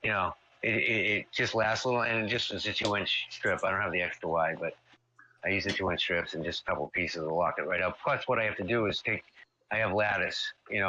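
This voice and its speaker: A man's voice: low voice, pushed and bright, dull audio. A man rambling in casual stream chat, swearing offhand and wandering between thoughts.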